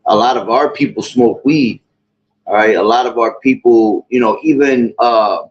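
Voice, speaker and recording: A man's voice: medium pitch, normal speed, slight background noise. A man talking in casual, rambling commentary, full of fillers and repeated asides. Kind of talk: casual chat, preaching-tinged commentary. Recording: dull lo-fi audio.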